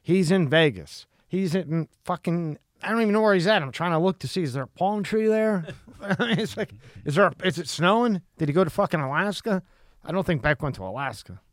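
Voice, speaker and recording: A man hosting a loose podcast conversation, ribbing his guest and tripping over his own words. His voice sits a bit high for a man. It is recorded close and dry. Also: lively intonation, fairly quick, no room sound. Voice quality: jokey, stammers and restarts. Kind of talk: casual podcast chat.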